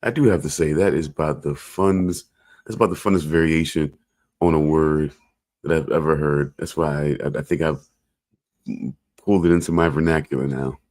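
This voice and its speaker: Low-voiced joking podcast man. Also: steady tone, normal speed, darkish tone. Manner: rambling, joking, repeats "I'm just saying". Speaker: podcast co-host. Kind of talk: casual chat.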